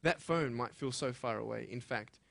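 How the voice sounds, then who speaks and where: A young man delivers a motivational talk to a room of students. His voice is bright and forward. He sounds earnest and emphatic, dropping to a hush and then building to loud, urgent peaks. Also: medium pitch, normal speed, vocal fry. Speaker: motivational speaker.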